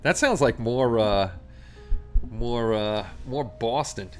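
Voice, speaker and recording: With faint Christmas music playing, a livestream host from Astoria, Queens, chats and rambles along with his viewers in a New York accent, reading their comments aloud. His mid-range voice is animated, unhurried, clear and resonant.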